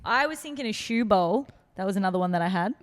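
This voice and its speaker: A woman co-hosting a podcast, blunt and animated in casual chat. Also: mid-range voice, big-room sound. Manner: animated, blunt, quick to react. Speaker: podcast co-host.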